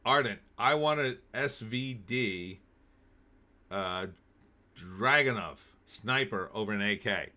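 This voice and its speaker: Wry, bright-voiced male streamer. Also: on the low side, takes it slowly. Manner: wry, jokey asides, laughs while reading. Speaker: live stream host. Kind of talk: live stream commentary, reading news aloud.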